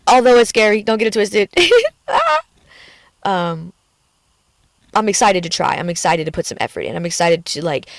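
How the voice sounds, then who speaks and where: A woman talks frankly into her phone in a personal vlog, her speech emotional and peppered with swearing. Her voice sits a little low for a woman. The sound is dry and close, with no room around it. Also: no echo. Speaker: vlogger. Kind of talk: candid personal vlog rant. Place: in a car at the beach.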